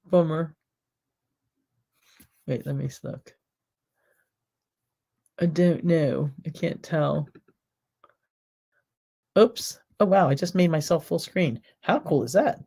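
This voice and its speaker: A woman's voice: low-pitched, takes it slowly, long pauses, warm tone. A woman hosting a casual home livestream, chatting and rambling directly to her viewers. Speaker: cooking show host. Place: home, by a back window.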